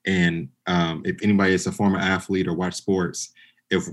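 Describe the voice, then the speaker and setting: A man with a very low, deep voice who hosts a podcast and keeps the talk casual. He speaks earnestly and emphatically, with a playful edge. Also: flat delivery, normal speed. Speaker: podcast host. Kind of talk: casual chat.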